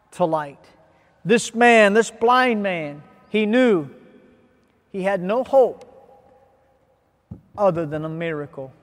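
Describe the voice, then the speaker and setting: A man preaching a sermon with passion, rising to loud urgent peaks and sinking to quiet, low endings. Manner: impassioned preaching, swells loud then drops low. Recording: long hall reverb.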